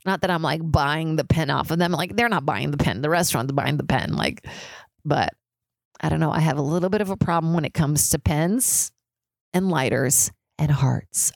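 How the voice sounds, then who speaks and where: Hosting a laid-back solo podcast, this young woman chats, swears, and says "like" constantly, sometimes imitating people in high-pitched squeals. Her voice is creaky, with no room sound.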